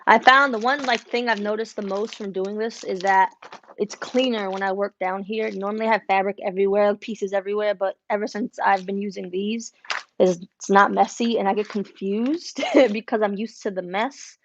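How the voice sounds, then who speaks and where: A chatty young woman talks casually to her livestream viewers from a home craft room, greeting each of them by name. Her voice has a gravelly, creaky edge at a middle pitch, with a faint hiss of noise behind it. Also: steady tone, normal speed, muffled recording. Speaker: embroidery business owner livestreaming. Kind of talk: casual livestream chat while working. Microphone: wireless earbuds.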